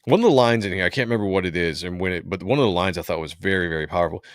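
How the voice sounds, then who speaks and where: A man hosting a casual comic book livestream, chatting in a relaxed way and reading comic lines aloud. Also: low voice, rapid-fire, clean tone, dry recording, studio quality. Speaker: host.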